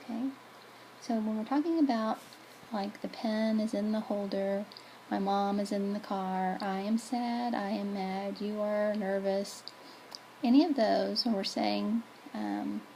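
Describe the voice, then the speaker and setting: A woman's voice: mid-range voice, dark tone, a little hiss or hum, rough recording. A woman teaching Spanish verbs in a chatty style, correcting herself as she writes on a board. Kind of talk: classroom video lesson.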